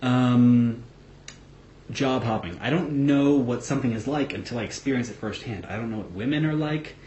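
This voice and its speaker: A man's voice: mid-range voice, normal speed, warm tone, dull audio. A man talking casually to camera in a vlog, blunt and swearing, with lots of fillers and restarts. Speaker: vlogger. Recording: echoey room with faint background noise.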